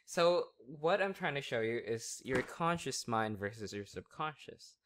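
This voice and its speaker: A male hypnotist who guides the listener in a slow, hushed patter. Between suggestions he turns chatty and laughs easily with his subject. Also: medium pitch, animated. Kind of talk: hypnosis session.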